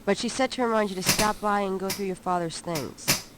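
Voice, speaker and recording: An actress playing a sharp-tongued young woman shop assistant in a 1990s adventure game, sassy and dry. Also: medium pitch, fairly quick, noisy background, lightly acted.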